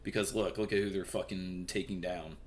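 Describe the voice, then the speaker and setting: A man's voice: deep voice, steady tone, fairly quick. A young man casually reading and commenting on the news, profane and rambling with lots of fillers.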